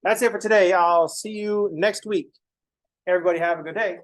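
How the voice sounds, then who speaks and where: A man's voice: high voice, steady tone, a little fast, poor audio. A young man teaching a college math class in a casual, blunt way, swearing freely and making joking asides to his students. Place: classroom, also streamed online.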